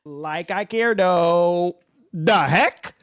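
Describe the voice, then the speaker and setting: A man's voice: high-pitched, very slow, fairly bright tone, smooth, no room sound, clean studio sound. A male streamer taunting someone, repeating phrases and drawing out his words. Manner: taunting, repetitive, drawn out.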